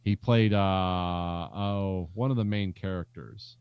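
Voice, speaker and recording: A middle-aged man chatting casually on a film podcast, rambling through jokey asides with plenty of fillers. His voice sits fairly low and sounds dry and close, with no room around it. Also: steady tone, slow pace, clean tone, no room sound, lo-fi sound. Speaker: podcast co-host.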